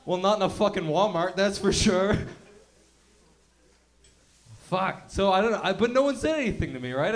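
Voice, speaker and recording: A man doing stand-up in a club, loose and halting, teasing the crowd between bits. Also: high-pitched, lively intonation. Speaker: guest comedian. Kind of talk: stand-up comedy. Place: comedy club stage.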